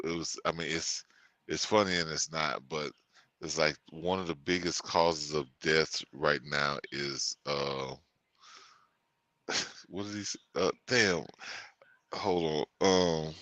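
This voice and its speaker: A male co-host in casual chat, halting and often losing his train of thought. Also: rumbling low, fairly bright tone, no room sound.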